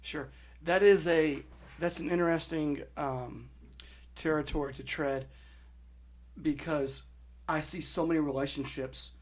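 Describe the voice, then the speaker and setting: A man's voice: a little high, darkish tone. A man joining a podcast as a guest in casual conversation, agreeable and reflective. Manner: agreeable, short affirmations.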